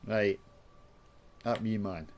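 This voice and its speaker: Speaking slowly in a lowish voice, a YouTuber with a Scottish accent plays a puzzle game and talks casually to viewers. He rants and swears throughout the chat.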